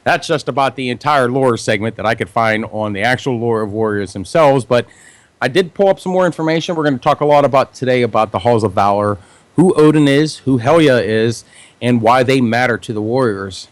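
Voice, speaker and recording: Low-voiced man reading lore. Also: no room sound. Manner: low, measured narration with casual asides. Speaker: podcast co-host. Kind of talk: reading game lore aloud.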